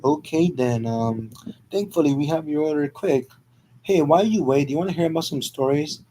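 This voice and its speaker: A man's voice: fairly high pitch, normal speed, dark tone, slight background noise, natural voice, low-quality recording. A man voicing an awkward, overly friendly male diner worker who hesitates and stumbles over his words. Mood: flustered.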